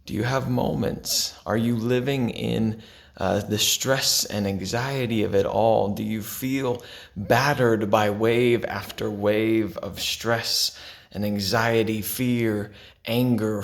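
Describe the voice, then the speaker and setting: Pastor, male, gravelly tone, soft-spoken devotional delivery, sinks to near-whispers. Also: on the low side. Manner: gentle, unhurried, drops to a hush for quiet lines. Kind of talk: devotional sermon to camera.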